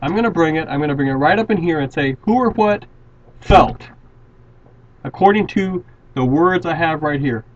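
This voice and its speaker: A man explains grammar step by step at a board, with a slightly high voice. He is patient and repeats himself often. The recording is dull and lo-fi. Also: fast talker. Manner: patient, repeats and restarts words while explaining. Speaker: teacher. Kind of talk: grammar lesson at a whiteboard.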